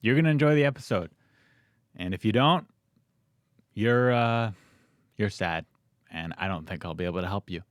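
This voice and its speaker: A man's voice: on the low side, normal speed, pauses often, dry recording, clean studio sound. A man hosting a podcast, asking crude, teasing questions in casual chat. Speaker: podcast host.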